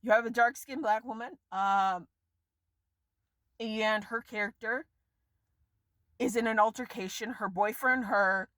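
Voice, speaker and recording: Exasperated woman ranting, high dry voice. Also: unhurried, pauses often, a bit bright, dry recording. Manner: exasperated, profane, sweeping pitch jumps. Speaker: vlogger reviewing a film. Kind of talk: casual rant to camera.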